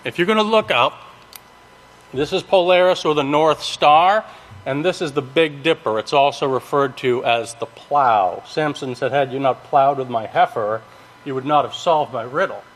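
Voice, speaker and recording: A man giving a sermon, teaching from scripture in a halting way with many ums, restarts and checks of "okay?". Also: mid-range voice. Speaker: preacher. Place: large worship hall. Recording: long reverb of a large hall.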